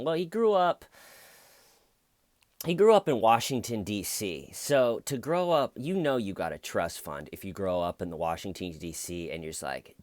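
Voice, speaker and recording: A man's voice: on the low side, sing-song, moderate pace, darkish tone, no echo. A man giving casual true crime commentary as a YouTuber, rambling and wry, with jokes.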